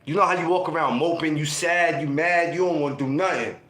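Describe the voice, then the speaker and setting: A man's voice: on the high side, a little fast. A man co-hosting a podcast, chatting casually and acting out teenage scenes as he tells stories. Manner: animated storytelling, acts out teen scenes. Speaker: podcast co-host. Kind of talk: casual group chat. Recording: roomy room sound.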